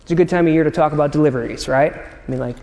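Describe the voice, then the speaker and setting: A man's voice: on the high side, rapid-fire, a little mellow, in a large hall. A man preaching a sermon in a conversational way, often stumbling over repeated words and asking "right?". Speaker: pastor.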